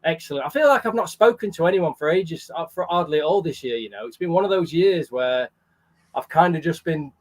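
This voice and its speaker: A man's voice: a little high, animated, a little fast. A man hosting a charity livestream in a casual, chatty way, greeting viewers by name. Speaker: livestream host.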